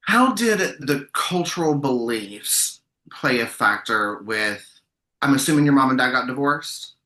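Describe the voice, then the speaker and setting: Bright-voiced curious podcast host. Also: male voice, mid-range voice, lively intonation, measured pace, reverberant, poor audio. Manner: curious, stammering restarts, polite. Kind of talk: casual interview conversation.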